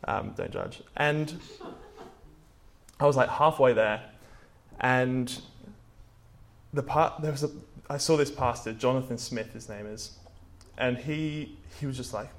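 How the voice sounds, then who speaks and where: This preacher, a young man from England, speaks at a moderate pace in a mid-range voice. His sermon is casual and chatty, built around stories and peppered with "like" and "um."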